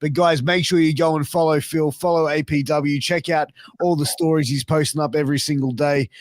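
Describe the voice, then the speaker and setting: A man's voice: fairly high pitch, steady tone, brisk, no echo. A man hosting a podcast, upbeat and reading out his sign-off plugs. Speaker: podcast host. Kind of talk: casual podcast chat.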